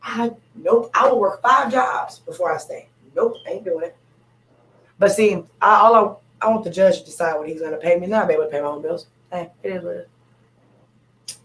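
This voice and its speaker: A woman's voice: on the low side, brisk, a bit bright, a little hiss or hum, poor audio. Blunt, emphatic woman in casual chat. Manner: emphatic, blunt, repeats points. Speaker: panel speaker.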